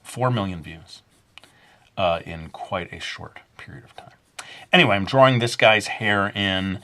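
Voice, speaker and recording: A man's voice: low-pitched, a little slow, sharp tone. A man narrating a casual drawing tutorial, chatty and self-mocking, rambling with many fillers. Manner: chatty and self-mocking, jokingly putting on a bad accent. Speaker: drawing instructor.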